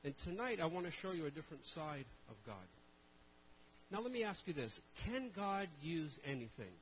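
A man's voice: a little high, very animated, fairly quick, a little hiss or hum, rough recording. A middle-aged man preaching a sermon to a live congregation in a conversational way, with self-deprecating jokes and rhetorical questions. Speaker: traveling minister.

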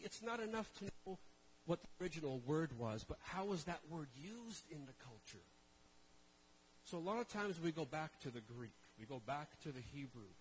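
A Canadian man preaching a sermon, joking and telling stories in an animated way. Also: fairly high pitch, slight background noise, poor audio. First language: Portuguese. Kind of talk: humorous sermon.

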